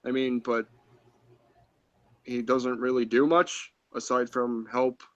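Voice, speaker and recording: A man's voice: mid-range voice, level tone, takes it slowly, a bit bright. Guy ranting about movie characters, blunt and sweary, kinda muffled lo-fi audio. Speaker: podcast co-host. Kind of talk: casual movie review chat.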